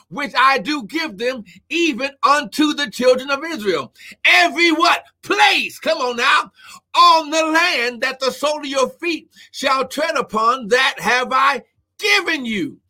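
A male preacher with a very high, bright and forceful voice, delivering a sermon to an online audience. He preaches with fervour, often shouts and keeps urging his listeners on with "come on now." He breaks into speaking in tongues now and then. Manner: fervent, frequently shouting, repeats "come on now". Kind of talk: live-streamed sermon.

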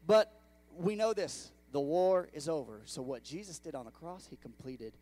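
Animated man preaching a sermon. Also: fairly high pitch, moderate pace. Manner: animated preaching with audience call-outs; swings from hushed to loud. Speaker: pastor. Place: church sanctuary.

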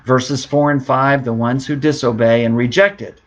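A man's voice: mid-range voice, fairly even intonation, moderate pace. A middle-aged man teaching a devotional Bible lesson as a pastor, earnest and enthusiastic, often repeating words for emphasis.

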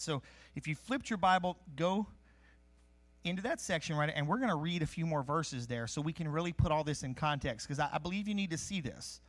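A man preaching a sermon in a conversational, animated way, teaching from scripture with jokes and asides. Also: on the high side, a little fast. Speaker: pastor. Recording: live-streamed sermon.

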